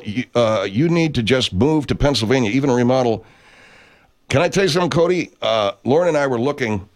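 A middle-aged man hosting a livestream, reading chat and rambling casually with plenty of profanity. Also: mid-range voice.

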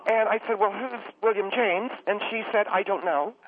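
A man's voice: high-pitched, moderate pace, dry recording, pitched above the performer's own voice. A man voicing a gushing, rambling woman caller who gets choked up and talks on and on. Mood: chatty rambling. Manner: effusive, rambling, easily choked up. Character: gushing middle-aged woman caller, flustered and chatty. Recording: tinny phone line with faint hiss.

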